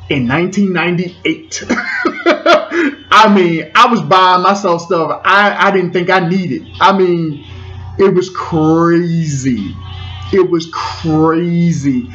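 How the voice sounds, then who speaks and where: A man's voice: a little high, a bit bright. A man in his forties telling a personal story, repeating phrases and stumbling over restarts. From Washington DC area. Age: 40s. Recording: dull lo-fi sound with faint music.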